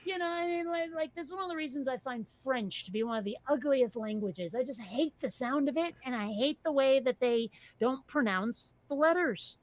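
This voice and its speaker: A woman's voice: high voice, lively intonation, moderate pace, hardly any pauses. A woman co-hosting a casual chat, blunt and profane, laughing often. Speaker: podcast co-host.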